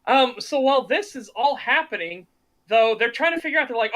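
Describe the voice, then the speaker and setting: A woman co-hosting a podcast, recapping TV episodes in animated casual chat, swearing freely. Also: high-pitched, a little fast, slight background noise, low-quality recording. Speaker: podcast co-host.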